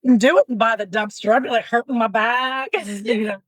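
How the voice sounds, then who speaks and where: A woman in her fifties spins a candid, comic story on a podcast, voicing both sides of the conversation and swearing freely. Her voice sits a little high for a woman, and the recording is close and dry with no room sound. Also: fairly even intonation, brisk, no echo, low-quality recording. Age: 50s. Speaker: podcast guest.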